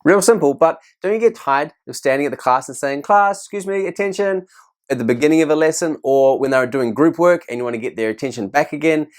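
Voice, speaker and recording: A man's voice: mid-range voice, fast talker, few pauses. A man, a teacher giving classroom tips to camera in a chatty, self-deprecating way. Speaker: teacher and video host.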